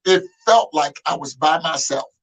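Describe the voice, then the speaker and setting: A man's voice: on the high side, animated, moderate pace, rough recording. Earnest male podcast host. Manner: earnest, many fillers. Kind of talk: conversational interview.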